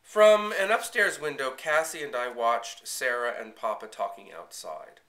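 A man's voice: mid-range voice, measured pace, pushed and bright. A man reading a children's chapter book aloud, narrating expressively in the first person. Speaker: audiobook reader. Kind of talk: storybook reading.

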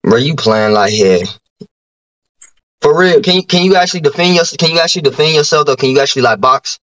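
A man's voice: a little high, lively intonation, brisk, a bit bright, dull audio. A man on a video call trading boastful trash talk with a rival, often stumbling and restarting his sentences. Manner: boastful, rhyming brags, stammering restarts. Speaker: YouTuber challenging a streamer.

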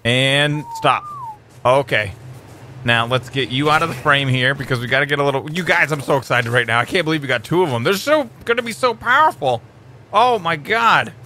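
A man hosting a gaming channel, giving chatty, excitable let's-play commentary that keeps bursting into high squeals. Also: a little fast, slight background noise.

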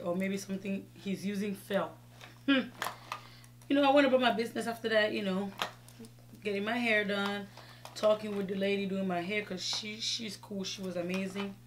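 Female vlogger, chatty storyteller, casual makeup talk, mid-pitched voice, faint hum in background. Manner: chatty storytelling, animated retelling of dialogue. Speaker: beauty vlogger. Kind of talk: casual chat while doing makeup.

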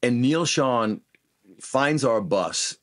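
A middle-aged guest musician tells road stories in a casual interview, drawing out his words in a medium-pitched voice. His anecdotes are animated, and he acts out the quoted dialogue in each one.

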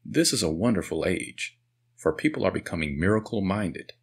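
A man narrating a spiritual self-help audiobook in an earnest, measured way. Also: deep voice, big pitch swings, slightly rough. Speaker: audiobook reader.

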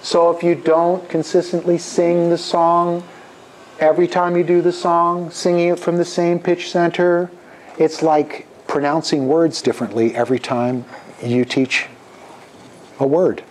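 A middle-aged man teaching a hands-on music workshop, his voice sitting a little higher than most men's. He talks in an animated way and breaks into sung chants to demonstrate. A faint hiss of noise hangs under his voice in the room. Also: a little slow. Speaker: music education professor leading a workshop. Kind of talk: interactive workshop talk with singing.

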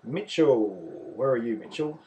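A man's voice: medium pitch, measured pace, background noise. A man with an Australian accent, hosting a live raffle and commentating each name as it is drawn. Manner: chatty, calls names and counts spots. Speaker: raffle host.

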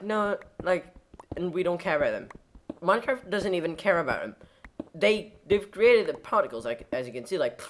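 A woman's voice: low voice, slight background noise. A woman giving casual let's-play commentary while playing, rambling and goofy, with lots of fillers and self-corrections. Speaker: gameplay commentator.

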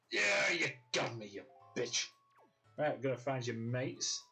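Yorkshire gaming streamer, casual and sweary, laughs easily, faint game music under him. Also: male voice, mid-range voice, expressive, takes it slowly, vocal fry, sharp tone. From Yorkshire, England. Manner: sweary, laughs often, talks to chat. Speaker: livestreamer. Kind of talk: casual gaming livestream commentary.

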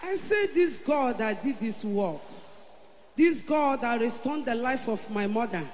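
A Nigerian woman giving an emotional church testimony, growing fervent and loud as she declares her prayers. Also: on the high side, expressive, unhurried. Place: large church hall. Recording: echoey church hall, faint hum.

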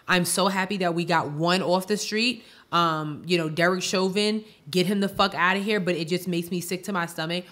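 A woman's voice: lowish voice, steady tone, normal speed, few pauses, fairly bright tone. A woman co-hosting a podcast in casual chat, weary and exasperated, who repeats herself. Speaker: podcast co-host.

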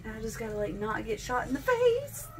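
Woman, high pitch, swoops a lot, cursing at a game, frustrated. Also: big pitch swings, a little fast, music in the background. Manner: frustrated, swearing, laughing at herself. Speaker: gamer playing on camera. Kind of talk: casual vlog chat while gaming.

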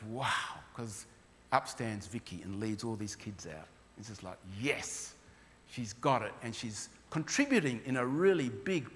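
A man's voice: mid-range voice, a bit bright. Earnest man in a reverberant hall. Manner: earnest, heartfelt storytelling. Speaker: missionary lecturer presenting to a church. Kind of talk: church mission presentation, storytelling. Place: church hall.

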